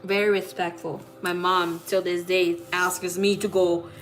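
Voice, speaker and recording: A woman's voice: on the low side, little pitch movement, unhurried, soft background music. A woman who reads tarot as a psychic, telling a personal story in a casual, blunt way, swearing freely and using many fillers. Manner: blunt, profane, full of fillers.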